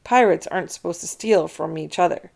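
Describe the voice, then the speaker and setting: A woman's voice: on the low side, brisk, gravelly, a little mellow. A woman voicing a bossy young schoolgirl who lectures a classmate in a prim way in a storybook read-aloud. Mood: lecturing.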